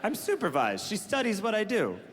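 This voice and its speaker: A man in his thirties performing stand-up comedy on a large theater stage, telling stories in an animated way with exaggerated voices for the people in them. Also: high-pitched, moderate pace, noisy background. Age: 30s. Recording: live hall reverb with crowd laughter.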